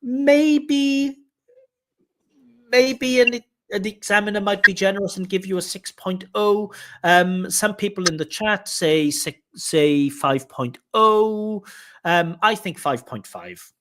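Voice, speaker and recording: A man's voice: high-pitched, measured pace, background noise. Plain-spoken male exam examiner. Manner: direct, explanatory, mimics flat intonation with "duh duh". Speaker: speaking test examiner. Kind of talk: giving spoken exam feedback.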